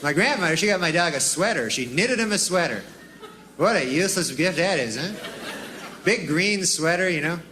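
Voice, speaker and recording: A man doing a deadpan, rambling stand-up routine full of folksy asides. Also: fairly high pitch, normal speed. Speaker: stand-up comedian. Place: comedy club stage with laughing audience. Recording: live club recording with crowd and noise.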